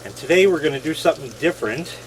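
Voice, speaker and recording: A man's voice: on the high side, expressive, fast. A man hosting a laundry video, chatting casually and playfully as he sets up washing machines. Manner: playful, jokey. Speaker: host. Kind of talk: casual demonstration chat. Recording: noisy with running water.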